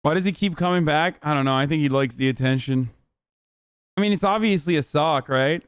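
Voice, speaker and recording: A man's voice: on the high side, fairly quick, clean tone, dry recording. A young adult man doing casual livestream commentary in a sarcastic, profane and mocking way. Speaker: streamer.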